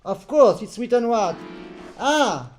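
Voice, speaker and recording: A man's voice: very high voice, very animated, slow pace, soft background music. A man leads a live accordion lesson online, trading jokes and teasing his student. He sings little phrases to demonstrate, with faint instrument sounds in the background. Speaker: accordion teacher.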